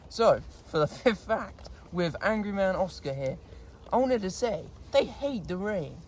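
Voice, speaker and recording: A man's voice: high-pitched, animated, measured pace, slight background noise. A man chatting casually to camera outdoors in a goat pen, laughing often and scolding his animals. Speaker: vlogger. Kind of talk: casual vlog talk.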